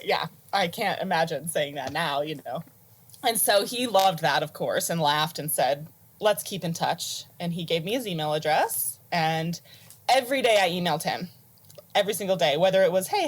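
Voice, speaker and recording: Chatty American woman, low voice. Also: normal speed, husky. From United States. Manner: warm, animated, laughs often. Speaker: interview guest, flutist. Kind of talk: casual conversational storytelling. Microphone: video call.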